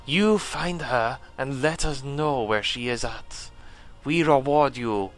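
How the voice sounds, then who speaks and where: A man's voice: mid-range voice, slow pace, a bit bright, soft background music. A man voicing a brusque male alien trade agent in game dialogue, in a strained, harsh put-on voice with clipped, proud warrior speech. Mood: bargaining. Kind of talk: game dialogue read-aloud.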